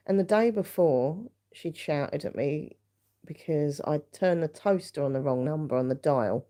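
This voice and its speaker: A woman's voice: sits low, big pitch swings, normal speed, mellow. A woman hosting a live stream, telling stories in a rambling, chatty way with plenty of fillers. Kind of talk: casual chat.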